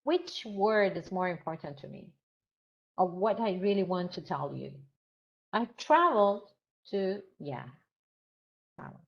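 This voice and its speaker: A woman teaching grammar in an online teacher training lesson, modelling example sentences slowly with clear stress. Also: fairly low pitch, expressive, lo-fi sound.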